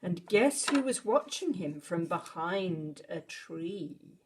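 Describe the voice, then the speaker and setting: Slow, breathy woman reading a bedtime story. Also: lowish voice. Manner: expressive, dramatic gasps and animal noises. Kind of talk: bedtime story read to children.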